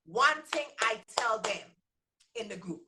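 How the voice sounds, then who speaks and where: A woman's voice: fairly high pitch, animated, a little slow, noisy background. A woman business trainer hosting a live coaching talk with a Virgin Islands accent, repeating her points emphatically and calling her listeners y'all. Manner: emphatic and repetitive, drilling points home; folksy, addresses listeners as y'all.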